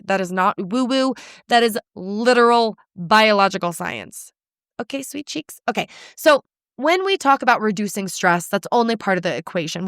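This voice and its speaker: A young woman hosts a solo coaching podcast as a nutrition coach, speaking bluntly and energetically with casual swearing. Her slightly high voice is clear and resonant, recorded dry with clean studio sound.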